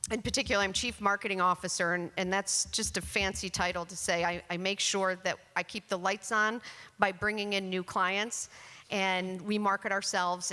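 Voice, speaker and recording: Panelist: middle-aged woman, bright tone, chatty and candid, reverberant hall. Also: fairly low pitch. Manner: candid, chatty, self-deprecating. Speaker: panelist, chief marketing officer. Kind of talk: conference panel talk, storytelling. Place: conference hall on stage. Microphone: handheld microphone.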